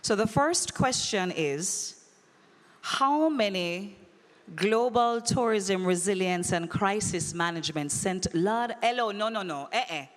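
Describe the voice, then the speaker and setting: A woman's voice: medium pitch, takes it slowly. Playful woman emceeing in a hall. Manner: playful, teasing, animated crowd-work. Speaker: conference emcee running a quiz. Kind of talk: lively live event hosting. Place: large conference hall. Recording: long echoey hall reverb.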